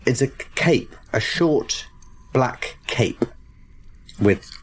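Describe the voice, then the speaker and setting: A man running a tabletop horror game as game master, narrating in a measured, descriptive way. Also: mid-range voice, expressive, slight background noise. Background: music.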